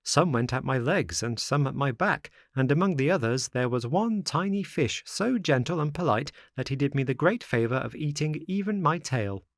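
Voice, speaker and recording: A man's voice: medium pitch, lively intonation, moderate pace, hardly any pauses, no echo, clean studio sound, voice pushed up, natural voice. A man voicing a cheeky, boastful wooden puppet boy with a playful, mocking, sing-song manner.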